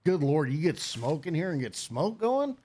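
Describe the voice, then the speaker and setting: A man's voice: fairly high pitch, sing-song, normal speed, dark tone. A middle-aged man hosting a game stream, chatting in a loose, rambling way. He is blunt and swears freely as he riffs with his friends. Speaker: streamer host. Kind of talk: casual chat on game stream.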